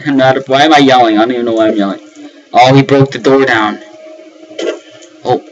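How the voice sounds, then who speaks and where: A man's voice: mid-range voice, steady tone, normal speed, a bit bright, a little hiss or hum, low-quality recording. A young man giving nervous running commentary on a horror game, breaking into panicked repeated words and yelps. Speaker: let's play gamer.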